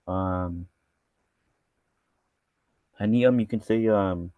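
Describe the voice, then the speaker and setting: A low-pitched man speaks very slowly as a religious studies teacher, leading a verse-by-verse scripture lesson. He reads each Arabic line, then explains it casually, often restarting his sentences. The audio is narrow and tinny, with no echo.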